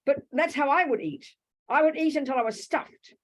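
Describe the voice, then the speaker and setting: This Buddhist teacher, an Australian woman, speaks at normal speed in a high voice during a live Q&A class in a meditation hall with an audience. Direct and blunt, she calls listeners darling and sweetheart, speaking into a handheld microphone on a rough recording.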